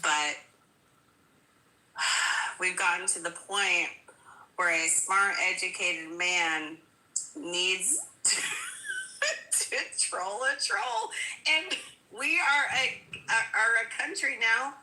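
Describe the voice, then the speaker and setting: A woman's voice: mid-range voice, lively intonation, slow, long pauses, sharp tone, echoey room, rough recording. A woman guest in a casual political chat, talking emphatically with laughs and repeated "listen"s. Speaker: guest commentator.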